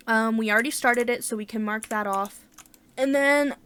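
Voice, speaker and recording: Bright-voiced woman narrating her gameplay. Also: a little high, moderate pace, smooth. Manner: chatty, thinks aloud, bursts of excitement. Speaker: gaming channel host. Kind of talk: casual let's-play commentary.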